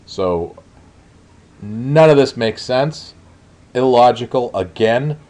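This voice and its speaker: A man's voice: medium pitch, expressive, slow pace, dark tone. A man reviewing a show in a blunt, exasperated way, with frequent ums and uhs. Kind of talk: spoken review.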